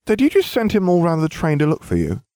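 A man's voice: on the high side, wildly swooping pitch, fast talker, dark tone, no room sound, clean studio sound, pitched above the performer's own voice. A man voicing an eager, earnest young boy who is easily impressed.

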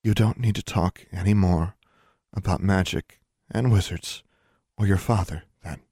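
A man putting on a weary, ordinary mother who keeps everything guarded, answering in clipped, defensive lines. The voice sits a touch lower than most, in a dry, close audiobook sound with no room around it. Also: measured pace, warm tone, slightly rough, dry recording, full character voice. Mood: subdued. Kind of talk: audiobook character voice.

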